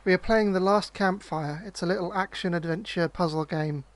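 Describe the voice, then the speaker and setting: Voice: medium pitch, moderate pace. A streamer, sleepy and yawning, gives casual, hesitant commentary while playing a puzzle game. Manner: hesitant and rambling, often restarting. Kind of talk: casual let's-play commentary.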